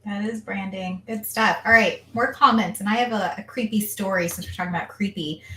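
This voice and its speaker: A woman hosting a casual live stream, lively, reading viewer comments aloud. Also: mid-range voice, fairly quick. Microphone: video call. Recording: echoey room, distant from mic.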